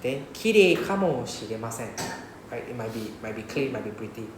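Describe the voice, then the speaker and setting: A man's voice: medium pitch, very animated, brisk, echoey room, noisy background. A man with a Singaporean English accent teaching a Japanese class, often checking with "right?". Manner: repeats "right?" to check understanding. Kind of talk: classroom lesson explanation.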